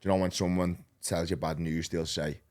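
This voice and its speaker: A man in his thirties with a Liverpool accent, a podcast guest telling his story in a rambling, animated, slang-heavy way. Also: sits low, moderate pace. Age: 30s. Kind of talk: casual storytelling.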